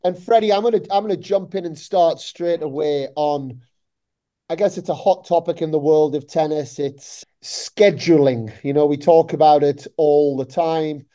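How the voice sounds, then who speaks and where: A man's voice: fairly high pitch, moderate pace, mellow. A man hosting a tennis podcast, upbeat and chatty and tired after a long flight. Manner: upbeat, talks in long run-on lists. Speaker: podcast host. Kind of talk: casual chat.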